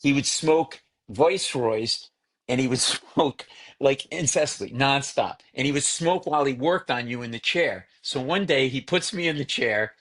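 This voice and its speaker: Comedian guest, male, animated storyteller who does the relatives' voices. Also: medium pitch, normal speed. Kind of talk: storytelling in casual chat.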